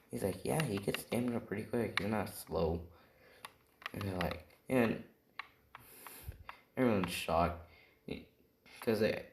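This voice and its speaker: A low, creaky male voice casually improvises an anime fan scenario, rambling along with constant "right?" and "like" fillers. It's a roomy, noisy home recording with typing audible in the background.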